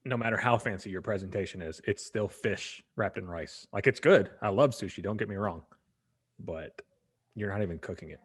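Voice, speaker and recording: A man's voice: lowish voice, normal speed, husky. A man co-hosting a sports podcast, telling a rambling story in casual chat and acting out the people in it. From Atlanta area. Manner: rambling storytelling, acts out quoted voices. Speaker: podcast co-host.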